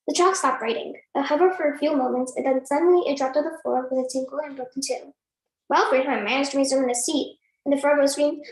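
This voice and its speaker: A woman giving a dramatic reading of a novel passage, jumping into shrill voices for shouted lines. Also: fairly even intonation, quick pace, reverberant, poor audio. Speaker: student performer.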